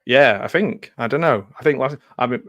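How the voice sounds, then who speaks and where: A man's voice: medium pitch, moderate pace, fairly bright tone, no echo. A man hosting a casual live film commentary from home, chatty and often laughing. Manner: chatty, laughs often, loose aside-filled talk. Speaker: host.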